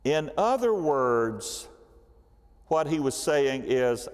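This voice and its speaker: A man's voice: mid-range voice, big pitch swings, slow pace, big-room sound. A man teaching a church Bible study class, telling the story with animation and asking the class questions. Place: church hall.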